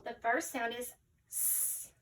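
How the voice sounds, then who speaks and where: A woman's voice: on the high side, fairly even intonation, slow, fairly bright tone, distant mic, poor audio. A woman teaching a phonics lesson to young children, sounding out each letter patiently and cheerfully encouraging her viewers as friends. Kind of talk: early-reader phonics lesson.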